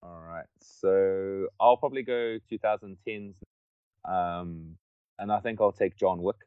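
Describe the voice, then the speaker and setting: A man's voice: deep voice, unhurried, clean tone, no room sound, phone-quality sound. A man chatting casually and rambling, swearing and laughing a lot. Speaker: podcast co-host. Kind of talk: casual chat.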